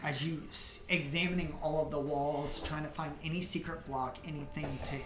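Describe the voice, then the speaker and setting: A woman's voice: sits low, steady tone, normal speed, music in the background. A woman narrating a tabletop game as game master in a casual, laughing way. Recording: echoey room.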